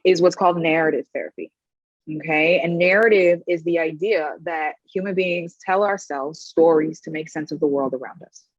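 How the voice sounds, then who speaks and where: Wellness coach, woman, husky animated delivery, dry dull lo-fi sound. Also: low-pitched, moderate pace, no echo. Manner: animated storyteller, frequent "right?" tag questions. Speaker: wellness practitioner. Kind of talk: conversational panel advice.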